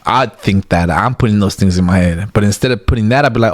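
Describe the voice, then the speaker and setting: A man, a guest in a casual interview, telling stories in an animated way, full of "like" and "you get what I'm saying". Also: on the low side, fast talker.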